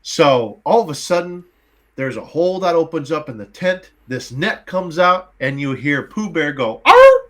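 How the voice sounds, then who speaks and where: Animated man cursing through a movie recap. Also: fairly high pitch, normal speed. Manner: animated, profane, acts out scenes. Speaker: podcast host. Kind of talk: casual movie review chat.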